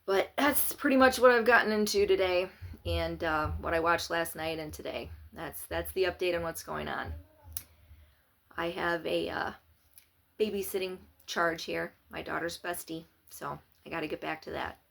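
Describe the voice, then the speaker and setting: A woman's voice: on the low side, normal speed, gravelly, a bit bright. A woman giving opinionated, sarcastic political commentary in a casual vlog. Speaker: political vlogger.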